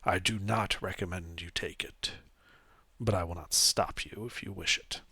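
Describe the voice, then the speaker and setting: A man's voice: low-pitched, fairly even intonation, pushed and bright, husky, no room sound, full character voice. A man doing a shaky, grave scholar. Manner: shaky, grave, slow warning. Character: nervous male scholar wary of a cursed staff.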